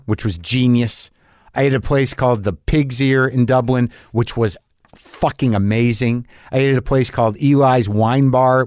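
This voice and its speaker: A man's voice: medium pitch, darkish tone, no room sound, studio quality. A man musing in a rambling casual monologue, often restarting his sentences and swearing now and then. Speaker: comedian.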